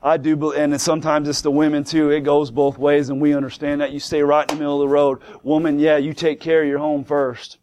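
Emphatic preacher with a raised voice. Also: male voice, on the high side, level tone, fairly quick, hardly any pauses, darkish tone. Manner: emphatic, rhetorical questions, repeats words. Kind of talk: sermon. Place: church before a congregation.

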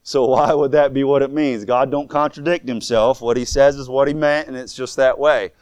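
A male preacher delivering a fervent sermon with a smooth, resonant voice. He speaks earnestly and often repeats words as he builds toward a point. The sound is close and dry, with almost no room echo. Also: mid-range voice, fairly even intonation, moderate pace, darkish tone.

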